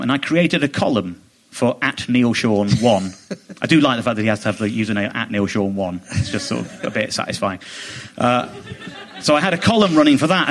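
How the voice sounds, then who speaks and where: A man chatting as a podcast guest in a mid-range voice. He tells his story in an animated, indignant way, slipping into quick mock voices for other people. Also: mid-range voice. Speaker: comedian guest. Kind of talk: casual chat, storytelling.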